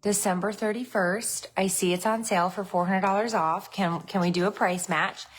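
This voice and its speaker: A woman's voice: medium pitch, fairly even intonation, normal speed, husky. Chatty woman telling a story. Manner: chatty, laughs often. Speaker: host. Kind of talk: casual storytelling.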